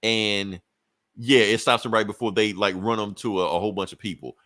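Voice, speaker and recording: A man co-hosting a podcast, recapping a comic book in a rambling, profane way and slipping into quick voices for the characters. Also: lowish voice, steady tone, pushed and bright, no room sound.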